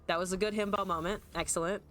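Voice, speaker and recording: Bright-voiced woman streamer chatting through a card game. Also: medium pitch, steady tone, fast talker, faint music behind. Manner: chatty, self-mocking, swears casually. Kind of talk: casual gameplay commentary.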